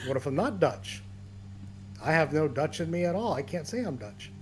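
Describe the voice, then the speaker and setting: A man's voice: on the high side, lively intonation, moderate pace, faint music behind. A young American man in casual gaming banter, telling easygoing stories in a dry manner. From United States. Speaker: let's play co-host.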